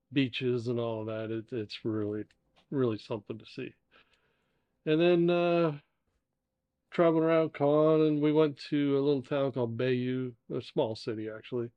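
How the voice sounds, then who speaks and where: A man's voice: medium pitch, steady tone, unhurried, long pauses, no room sound, muffled recording. Older man telling easygoing travel stories. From United States. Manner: easygoing storyteller with fillers. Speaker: co-host, the father. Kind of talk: casual podcast chat. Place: indoor dining room.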